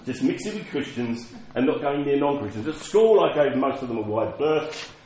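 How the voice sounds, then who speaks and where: A man's voice: medium pitch, very animated, moderate pace, a little mellow, slight background noise. A man preaching a sermon, telling personal stories in a conversational, self-mocking way. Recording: echoey hall with faint ambience.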